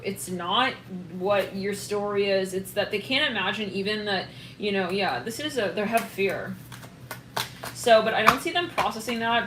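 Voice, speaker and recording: A woman gives a rambling, excitable tarot reading, often laughing and breaking off mid-thought. Her voice sits at a middling pitch. The sound is roomy and echoey, with clear noise underneath. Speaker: tarot reader. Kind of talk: casual tarot reading to camera.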